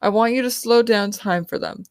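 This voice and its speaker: A woman voicing a young female team leader who gives quick, quiet orders. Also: on the high side, no room sound, studio quality, voice pushed up, close to an everyday voice. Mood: urgent. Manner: hushed, hurried orders.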